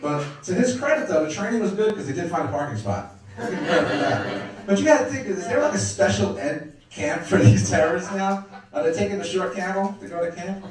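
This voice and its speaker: Recorded from a distance in an echoey club, a middle-aged stand-up comedian from Brooklyn, New York works the crowd with brash wisecracks onstage. He speaks at a moderate pace in a high-pitched voice with lively intonation.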